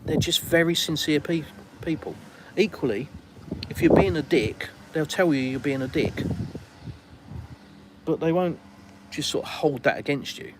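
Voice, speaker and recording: A man's voice: on the high side, measured pace, background noise. An English man hosting a casual live stream outdoors in a garden, rambling and colloquial as he reads viewers' comments aloud. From England.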